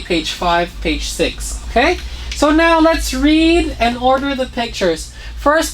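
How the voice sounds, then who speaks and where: A woman's voice: mid-range voice, a little hiss or hum. A woman teaching young learners vocabulary, spelling each word letter by letter and checking in with "okay?" and "right?". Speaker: English teacher. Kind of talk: children's vocabulary lesson.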